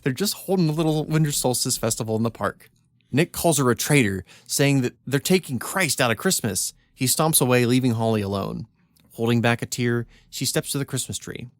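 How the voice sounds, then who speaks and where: A man's voice: medium pitch, fairly quick, dry recording. A man co-hosting a comedy podcast, reading his own script aloud with wry asides and frequent laughs. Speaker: podcast co-host.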